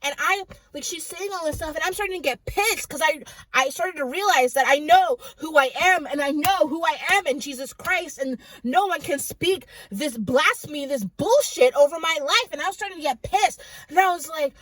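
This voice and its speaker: A woman's voice: high voice, normal speed, few pauses, a bit bright, no room sound, poor audio. A woman vlogger telling a dream testimony in a rambling, dramatic way with many fillers. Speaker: Christian vlogger.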